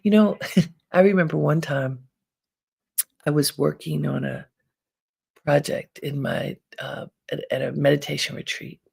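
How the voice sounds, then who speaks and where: A woman hosting an inspirational self-help talk, giving calm, unhurried advice with frequent pauses. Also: low-pitched, gravelly, breathy edge. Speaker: host.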